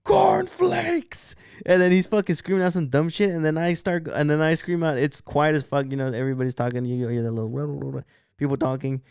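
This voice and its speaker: A man's voice: mid-range voice, fairly even intonation, fast, darkish tone, clear, resonant tone, no room sound, clean studio sound. A man co-hosting a podcast, telling a long story in casual, profane chat and acting out what others said. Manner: rambling, profane, acts out quotes. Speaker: podcast co-host.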